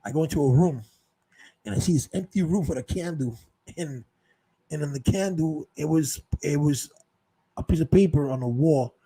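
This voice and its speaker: A man's voice: on the high side, normal speed, mellow, slightly rough, low-quality recording. A man telling a rambling, profane story in a casual monologue, full of restarts and repeated words. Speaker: show host telling stories.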